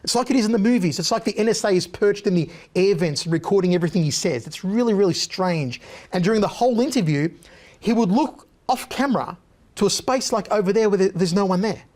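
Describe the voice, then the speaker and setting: A man, a guest on an interview show, telling animated anecdotes in a punchy, casual way. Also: high-pitched, fast.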